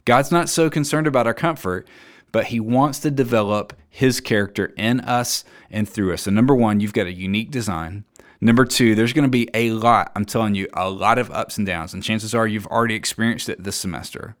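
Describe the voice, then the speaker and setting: A man preaching a sermon, earnest and emphatic, reading scripture aloud and dropping low and soft to land his key points. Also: a little fast. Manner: reads scripture aloud and acts out quoted voices.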